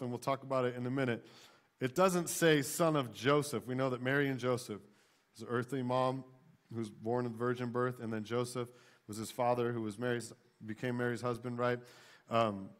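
A man in his thirties preaching a sermon in a church, talking to the congregation conversationally with frequent "right?" tag questions and animated storytelling. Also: medium pitch. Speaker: pastor. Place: church sanctuary.

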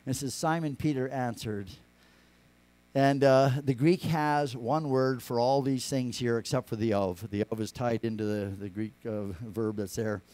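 A man preaching a sermon, rambling with many restarts, rising to emphatic lines and dropping to quiet asides. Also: medium pitch, steady tone, unhurried. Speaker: pastor.

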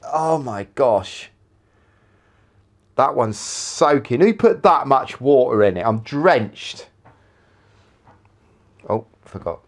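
A man's voice: medium pitch, big pitch swings, slow pace, long pauses. A man filming a playful vlog in his indoor hallway, talking to himself as he goes. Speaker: YouTuber.

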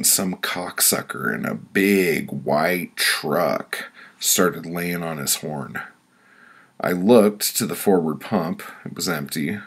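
A middle-aged man with a very low, gravelly voice reads his own prose poems aloud. His telling is blunt and deadpan, with a husky edge and plenty of swearing. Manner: blunt, profane, deadpan storytelling. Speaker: author reading his own book. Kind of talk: audiobook reading of prose poems.

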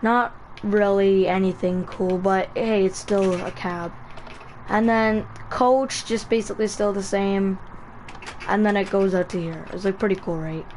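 A woman's voice: medium pitch, fairly even intonation, measured pace, a little mellow, a little hiss or hum. A woman streaming a casual building tutorial, rambling with many fillers and self-corrections.

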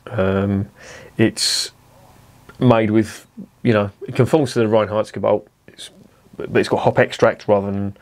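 A man reviews a beer in a casual vlog, rambling from one tangent to the next with lots of ums and the occasional swear word. His voice sits a bit low and slightly mellow, with fairly even intonation and a measured pace. His chatty, unpolished talk is full of fillers.

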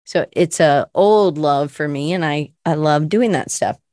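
A woman's voice: low voice, a little slow, a little mellow, dry recording, clean studio sound. A middle-aged woman hosting a podcast in a casual, rambling, self-reflective chat full of fillers. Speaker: podcast host.

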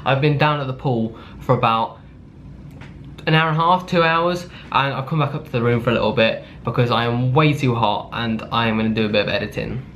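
A man's voice: medium pitch, brisk, muffled recording. A young man, chatting casually to the camera in an upbeat travel vlog, with lots of fillers. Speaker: vlogger. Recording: loud outdoor ambient noise.

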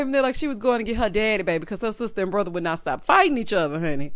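A woman doing a casual, chatty recap of a reality show, sassy and full of "honey" and "baby," with loud bursts of laughter. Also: medium pitch, fast talker, hardly any pauses. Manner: animated, breaks into loud hollering laughs.

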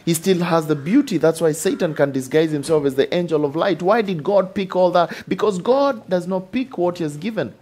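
A man preaching a sermon with animated delivery, repeating lines and asking rhetorical questions. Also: on the high side, a little fast, hardly any pauses. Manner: acts out short dialogues in changed voices.

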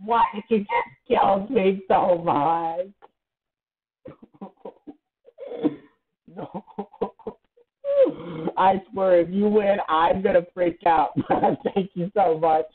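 A man giving let's play commentary, excitable, often shrieking and laughing as he plays. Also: high-pitched, extremely slow, pauses often. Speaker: gamer. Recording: tinny phone-like sound.

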